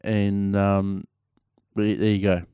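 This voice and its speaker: A laid-back Australian vlogger takes his time in a rambling, slangy to-camera chat full of fillers. His voice sits on the low side, flat in delivery yet mellow, clear and resonant. There's no echo.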